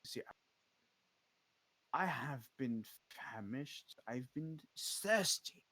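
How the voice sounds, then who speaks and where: A man's voice: mid-range voice, animated, drawn-out words, bright, forceful tone, full character voice. A man voicing a sly, hungry vampire. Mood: sly hunger. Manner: wheedling, hesitant.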